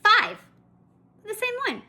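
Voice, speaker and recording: A woman's voice: very high-pitched, huge pitch swings, takes it slowly, pushed and bright. A woman vlogger telling a shopping story in a chatty, indignant way, full of asides and restarts. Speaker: collector vlogger. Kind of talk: casual ranting storytelling.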